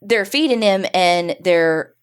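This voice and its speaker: A woman's voice: lowish voice, expressive, takes it slowly, smooth. A woman co-hosting a podcast, telling a true-crime story casually, chatty and swearing freely. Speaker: podcast co-host.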